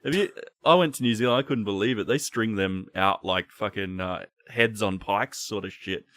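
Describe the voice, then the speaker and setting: A man's voice: fairly low pitch, moderate pace, a bit bright. A man with an Australian accent co-hosting a casual podcast, laughing and swearing through his stories. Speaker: podcast co-host.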